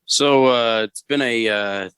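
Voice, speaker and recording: A man in his thirties co-hosting a podcast, talking casually and haltingly with lots of fillers. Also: mid-range voice, a bit bright, smooth, dry recording. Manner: halting, with many ums and uhs. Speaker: podcast co-host. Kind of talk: casual chat.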